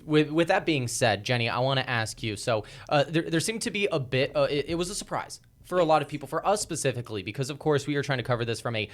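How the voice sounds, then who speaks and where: A man co-hosting a news talk show, chatting quickly and often repeating words as he starts a sentence. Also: mid-range voice. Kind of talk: casual studio chat.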